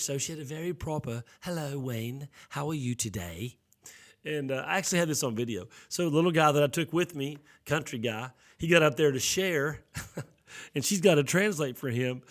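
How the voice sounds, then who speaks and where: Middle-aged pastor preaching in a conversational way. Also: male voice, a little high, a bit bright. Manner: conversational, repeats and restarts phrases, addresses online viewers directly. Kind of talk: live-streamed sermon.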